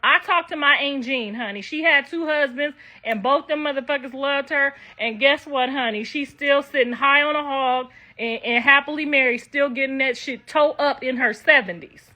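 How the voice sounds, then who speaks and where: A woman's voice: high-pitched, moderate pace, few pauses, bright, forceful tone. An older woman ranting to her viewers in a brash, profane, casual way. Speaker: online commentator.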